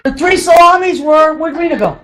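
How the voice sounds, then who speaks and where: A Boston-area woman with a high voice hosts a show, telling lively family stories a little fast. She's animated and joking, laughing often, in a noisy room.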